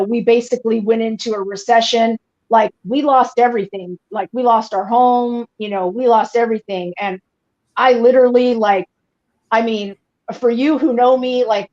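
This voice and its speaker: A woman in her forties, talking in a slightly high voice and rambling through a personal story with constant "like" and "you know". Her audio comes through dull and lo-fi, like a remote call. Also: darkish tone. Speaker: guest on a fan podcast. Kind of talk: casual chat, emotional storytelling.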